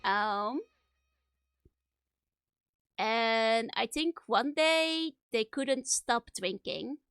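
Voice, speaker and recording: Giggly woman streamer, bright voice. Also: fairly high pitch, drawn-out words, clean tone, no echo, soft background music. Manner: giggly, laughs often, many fillers. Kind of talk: casual chat reading a childhood comic.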